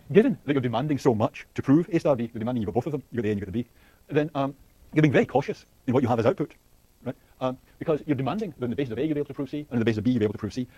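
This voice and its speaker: A man lectures at high speed, with frequent fillers, restarts and questions to the class. His voice is dark and slightly husky. The recording is dry and close. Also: dry recording. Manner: rapid, thinking aloud with frequent fillers and restarts; asks the class questions and laughs lightly. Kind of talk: university lecture.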